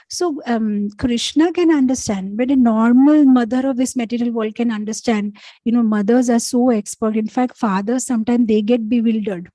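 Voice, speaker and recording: A woman's voice: fairly high pitch, dark tone, no room sound, low-quality recording. A woman teaching an informal scripture class, talking conversationally with many fillers and telling stories. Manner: conversational, many fillers, chants verses slowly. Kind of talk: informal scripture lesson with storytelling.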